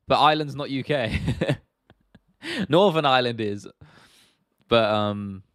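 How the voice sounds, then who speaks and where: A man's voice: medium pitch, a bit bright, no echo, studio quality. A young man with a London accent hosting a casual livestream Q&A, chatting loosely as he reads and answers viewer comments. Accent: London English. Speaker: livestream host.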